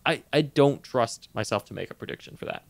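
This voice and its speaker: A man talks casually as a podcast co-host, animated and quick to laugh, often stumbling over his words. His mid-pitched voice has a gravelly fry, and it sounds dry and close with no room behind it. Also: dry recording. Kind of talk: casual fantasy sports chat.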